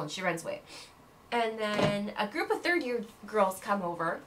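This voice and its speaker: A woman narrating as game master in an animated storytelling manner. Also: mid-range voice, normal speed, slight background noise.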